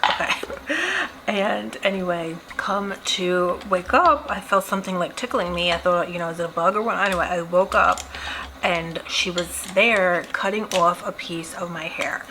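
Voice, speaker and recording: A woman's voice: on the low side, slight background noise, low-quality recording. A young woman chatting casually while doing her makeup, telling a story with lots of giggles and quoted voices. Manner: chatty, giggly, animated retelling. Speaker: beauty vlogger.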